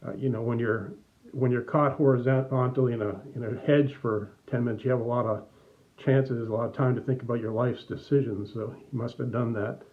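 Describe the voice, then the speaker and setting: A man's voice: medium pitch, a little fast, phone-quality sound. A middle-aged man telling a children's story in a church message, acting out the voices as he goes. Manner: animated, acts out voices. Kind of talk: storytelling to kids.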